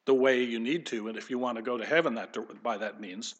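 A man's voice: mid-range voice, a little fast, hardly any pauses, fairly bright tone. A man preaching a sermon as pastor, swinging between punchy declarations and casual conversational asides.

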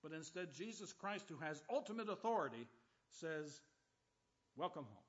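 A man pastor preaching a sermon, with loud emphatic bursts and dry humorous asides. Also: fairly high pitch, expressive, normal speed, lo-fi sound.

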